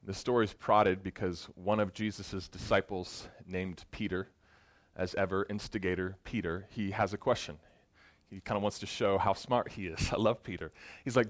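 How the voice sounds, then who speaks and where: A man preaching a sermon, retelling a parable in a conversational storytelling way with playful asides, dropping low and quiet then rising loud and emphatic. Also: moderate pace, no room sound. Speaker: pastor.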